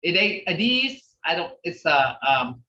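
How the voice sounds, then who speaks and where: Slow, patient older language teacher. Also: medium pitch, sing-song, pushed and bright, recorded from a distance. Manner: repeats and drills words, chatty asides. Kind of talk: teaching an online language class. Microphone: video call. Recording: roomy, dull video-call audio.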